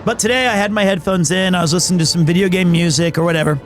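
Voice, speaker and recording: Man streamer, casual livestream chat, rambling storyteller, high voice, faint music under him. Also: racing. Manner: rambling storytelling, acting out quotes.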